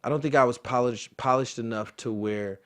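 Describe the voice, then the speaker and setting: A young man in his twenties tells a story from his own life in a relaxed, conversational way, with a voice of middle pitch. He gets animated as he goes and acts out the voices of the people in the story. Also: a little fast. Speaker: interview guest, football player. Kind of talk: casual storytelling.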